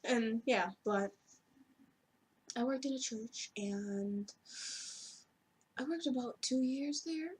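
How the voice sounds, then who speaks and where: Husky-voiced woman rambling through a story. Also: a little high, takes it slowly, pauses often. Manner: rambling, frequent "like" fillers and casual swearing. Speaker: vlogger telling a story. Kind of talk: casual storytime monologue.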